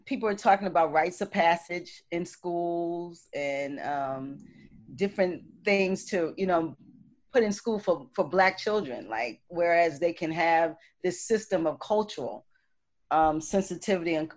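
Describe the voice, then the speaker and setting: A woman's voice: lowish voice, a little slow. Chatty woman hosting an online talk show. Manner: warm, effusive, many fillers and restarts. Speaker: host. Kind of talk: casual online radio talk.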